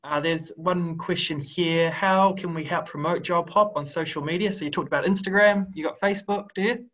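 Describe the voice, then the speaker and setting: A man's voice: on the high side, fairly even intonation, normal speed, a bit bright, rough recording. A man hosting a webinar, asking questions and wrapping up in a friendly, upbeat way. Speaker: webinar host.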